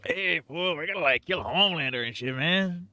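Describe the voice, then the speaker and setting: A man's voice: a little high, animated, moderate pace, pushed and bright, pitched above the performer's own voice. A man doing a swaggering street-tough antihero. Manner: slangy and swaggering, tacks "man" and "fool" onto lines. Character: gruff male British antihero talking like a Los Angeles street tough.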